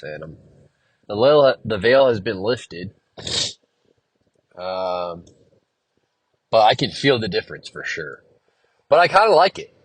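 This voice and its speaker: A man's voice: mid-range voice, a bit bright, breathy edge. A man hosting a solo podcast, rambling casually and venting with a lot of swearing. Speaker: podcast host and musician.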